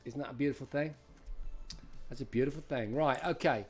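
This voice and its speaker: A man's voice: medium pitch, lively intonation, normal speed, pauses often, husky, soft background music. A middle-aged man hosting a live-streamed retro quiz, chatting and greeting viewers by name as he reads out questions. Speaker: host.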